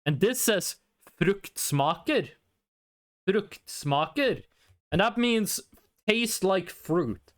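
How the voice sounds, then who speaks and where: A man's voice: high voice, expressive, slow. A young Norwegian man with a Norwegian accent, chatting casually and jokily with his chat while streaming a game. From Norway. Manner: rambling, chatty, answers chat, jokey.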